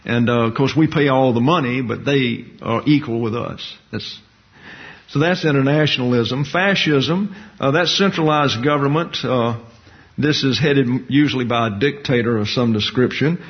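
Folksy male pastor preaching in a church, lo-fi recording, mid-pitched voice. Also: moderate pace. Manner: folksy, jokey asides with acted-out quotes. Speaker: pastor-teacher. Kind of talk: sermon. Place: church hall with a congregation. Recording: dull lo-fi sermon recording.

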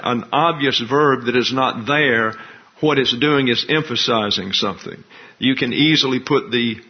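Male pastor, mid-pitched, deliberate teacherly sermon delivery, muffled lo-fi sound. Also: slightly rough. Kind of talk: expository sermon. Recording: dull lo-fi recording.

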